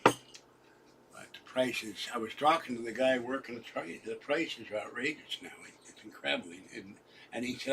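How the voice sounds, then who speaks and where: A man's voice: medium pitch, moderate pace, creaky, pushed and bright, slight background noise, low-quality recording. A man in his sixties hosting a livestream, chatting to viewers in a rambling way with frequent restarts. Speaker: livestream host. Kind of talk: rambling live-stream chat.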